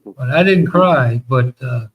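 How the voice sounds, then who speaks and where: A man's voice: mid-range voice, slow pace, breathy edge, highs cut off. A man telling rambling, profane stories about his school days in a casual chat, laughing as he goes.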